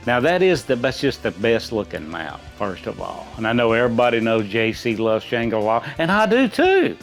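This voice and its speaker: Middle-aged dad, folksy and rambling, casual chat with faint music underneath. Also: male voice, mid-range voice, sing-song, normal speed. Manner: rambling and folksy, many restarts. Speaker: quiz contestant.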